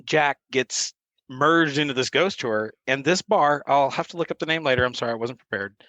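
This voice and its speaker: Bright-voiced man telling stories. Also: medium pitch, normal speed, no echo, low-quality recording. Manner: animated storyteller who acts out the quoted lines. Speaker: podcast guest. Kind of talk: casual storytelling chat.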